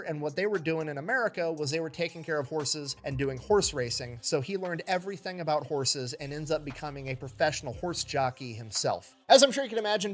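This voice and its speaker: A man retelling a true story in a loose, chatty way, slipping into quick acted-out quotes. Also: on the high side. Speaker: podcast storyteller. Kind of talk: casual storytelling.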